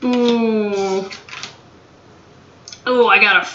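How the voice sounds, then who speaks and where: A woman's voice: mid-range voice, steady tone, very slow, bright, forceful tone, a little hiss or hum. A woman giving a casual tarot reading to camera, blunt and swearing freely, with a playful drawl. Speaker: tarot reader. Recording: dull, echoey room recording.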